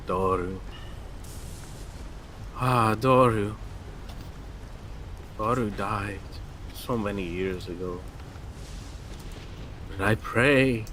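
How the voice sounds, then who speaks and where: A man's voice: lowish voice, fairly bright tone, a little hiss or hum. A man voicing a grief-stricken old village priest who seems distracted and keeps repeating himself.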